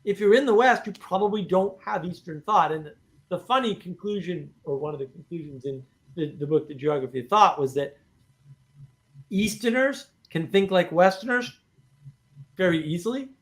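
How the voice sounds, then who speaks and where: High-pitched guy hosting a chat, animated, keeps tossing in "right?". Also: normal speed. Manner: animated, talks in bursts with many "right?" asides. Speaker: host. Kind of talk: casual discussion.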